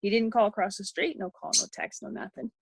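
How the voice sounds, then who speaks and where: A woman's voice: medium pitch, fast, gravelly, slightly rough, no echo. A middle-aged woman, a podcast guest, telling a personal story in a rambling way with many restarts.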